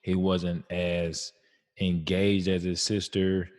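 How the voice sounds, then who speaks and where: A man's voice: deep voice, little pitch movement, slow, darkish tone, long reverb tail. A man co-hosting a podcast about fatherhood, telling stories in a laid-back, slangy, reflective way. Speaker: podcast co-host. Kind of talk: casual chat.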